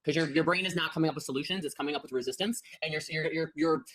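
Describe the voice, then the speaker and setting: A woman's voice: deep voice, rapid-fire. A woman coaching direct sellers on a live call, talking emphatically and acting out quoted voices. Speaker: network marketing coach.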